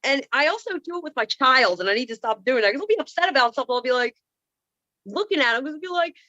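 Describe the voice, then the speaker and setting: A woman's voice: high voice, lively intonation, fairly quick, bright, forceful tone, dry recording, highs cut off. A woman in her thirties telling comedic stories on a video call, sassy and self-mocking with playful asides. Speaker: comedian and speaker. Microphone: computer mic on a video call.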